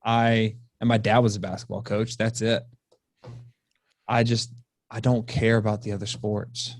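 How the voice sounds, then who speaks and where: A man's voice: lowish voice, flat delivery, measured pace, no echo. Blunt, swearing man coach ranting. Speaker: football offensive coordinator, guest. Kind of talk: casual podcast chat. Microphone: remote call.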